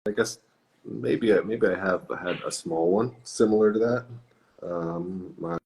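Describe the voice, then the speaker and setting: A man's voice: deep voice, a little slow, a little mellow, rough recording. A man chatting casually as a podcast guest, easygoing and laughing often. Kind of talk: casual chat.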